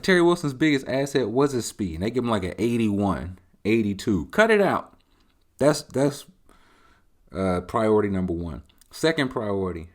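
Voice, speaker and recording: A man hosting his own show, giving casual joking commentary on sports and video games. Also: low-pitched. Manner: jokey, animated, voices quoted game text. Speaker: host.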